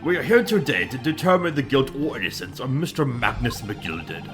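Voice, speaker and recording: Man reading stern old judge, formal, measured, lively pitch, clear game music behind. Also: close to an everyday voice. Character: stern older male courtroom judge, formal. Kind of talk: reading game dialogue aloud.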